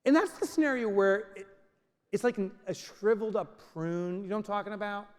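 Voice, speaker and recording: A man's voice: sits high, brisk, clean tone. A man giving a comedic motivational talk to a live audience, telling stories and acting out scenes. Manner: animated storytelling, acts out scenes. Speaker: keynote speaker. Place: large venue with audience. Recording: reverberant hall.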